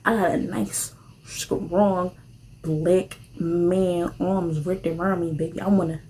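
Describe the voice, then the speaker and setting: A woman's voice: takes it slowly, slight background noise. Rambling young woman telling a storytime. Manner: animated, rambling, slangy, jumps to high squeals when excited. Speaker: vlogger. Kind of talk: casual storytime while eating.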